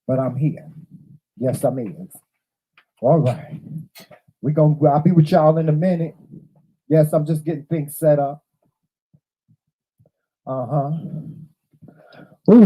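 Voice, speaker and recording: A man's voice: fairly high pitch, dark tone, husky, rough recording. A man in his fifties hosting a livestream from home, talking casually with a drawling, chatty manner and greeting viewers by name. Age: 50s. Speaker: livestream host. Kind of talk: casual chat to a live audience.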